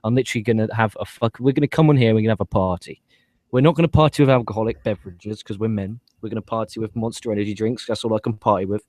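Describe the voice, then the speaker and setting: A man co-hosting a wrestling review podcast, rambling and swearing in loose, excitable banter. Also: fairly low pitch, rapid-fire, no echo. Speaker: podcast co-host. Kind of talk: casual wrestling review chat.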